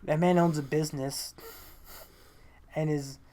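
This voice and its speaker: A man's voice: a little high, fairly even intonation, a little slow, dark tone. A young man co-hosting a podcast, in a casual chat. He rambles, swears often and breaks into laughter. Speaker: podcast co-host.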